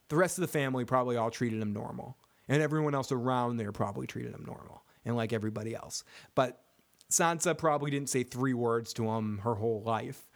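A man hosting a casual TV recap show, joking and swearing as he rambles and reads chat comments. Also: medium pitch. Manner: profane, joking, rambling with frequent laughs. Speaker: podcast host reading chat comments.

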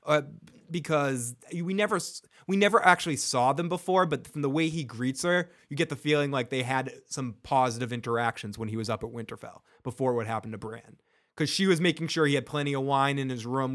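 A man co-hosting a casual recap podcast, animated, acting out quoted lines and laughing often. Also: medium pitch. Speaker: podcast co-host.

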